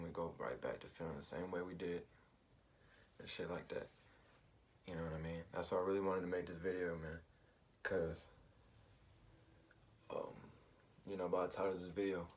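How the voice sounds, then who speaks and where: A man telling a personal story in a rambling, slangy way, full of fillers and asides. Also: deep voice. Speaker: vlogger.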